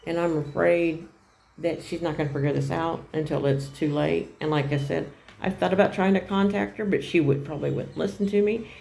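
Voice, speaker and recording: A woman's voice: low voice, steady tone, fairly quick, creaky, darkish tone. A middle-aged woman telling a personal story on her vlog in a plain-spoken, rambling way, often repeating herself. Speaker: vlogger.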